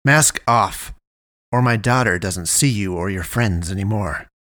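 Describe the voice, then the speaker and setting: A man's voice: fairly low pitch, unhurried, a bit bright, no echo, clean studio sound. A man voicing an angry, suspicious middle-aged father who growls his demands. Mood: furious.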